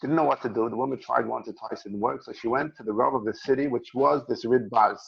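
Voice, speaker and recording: A man's voice: mid-range voice, fast. A man teaching a Torah lesson in a conversational way, retelling a story with frequent restarts. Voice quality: gravelly. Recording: dull lo-fi recording.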